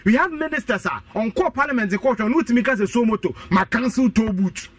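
A political guest on a radio talk show, a man with a Ghanaian accent, debates animatedly in a very high voice, talking fast. He switches between Twi and English, repeats his points emphatically, and is recorded from a distance with no echo.

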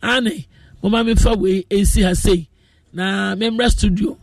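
A woman's voice: mid-range voice, steady tone, measured pace, creaky. A Ghanaian woman hosting a casual radio show, reading listener messages aloud and laughing playfully. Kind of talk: casual radio chat, mixing Twi and English. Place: radio studio.

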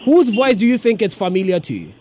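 Lively, high-voiced radio host man. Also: a little fast, slight background noise. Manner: lively, teasing, repeats questions. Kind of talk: prank call segment.

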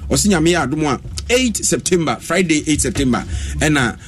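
A man hosting a radio show, chatting casually and reading birthday shout-outs with lively repetition. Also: fairly high pitch, moderate pace, slight background noise. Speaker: radio host.

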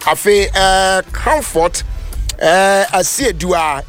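A man with a Ghanaian accent hosting a live radio show, reading out listener messages in a chatty, animated way and often half-singing his words. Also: high-pitched, slow pace, faint music behind. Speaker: radio host.

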